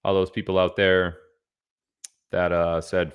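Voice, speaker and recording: A man's voice: low-pitched, little pitch movement, measured pace, smooth. A man hosting a casual livestream, chatting loosely and reading out where viewers are from. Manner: chatty, reads out viewer locations. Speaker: livestream host.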